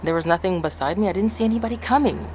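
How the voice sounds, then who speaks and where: A woman's voice: very fast, a little hiss or hum. A woman from Ecuador casually telling a story to her viewers, acting out what people said and laughing often. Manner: animated, acts out quotes in high shouts, laughs often. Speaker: vlogger.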